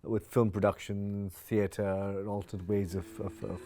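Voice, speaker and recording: A male professor answering interview questions, halting, with many restarts and fillers. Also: lowish voice, flat delivery.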